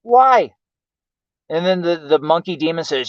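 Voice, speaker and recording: Speaking at a moderate pace in a high-pitched, animated voice, a man hosting a livestream delivers exasperated, profanity-laden ranting commentary and keeps asking why. The home streaming mic gives echo-free but dull, lo-fi sound.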